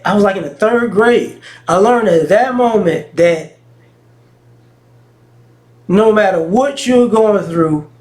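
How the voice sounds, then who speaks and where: High-voiced man, frank slangy storyteller. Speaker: vlogger. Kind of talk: casual talking-head monologue.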